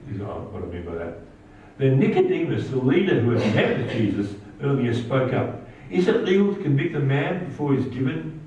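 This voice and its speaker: Male pastor, animated sermon delivery, heard from a distance in an echoey church, slightly dull sound. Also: a little hiss or hum. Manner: animated preaching, rising pitch on quoted lines.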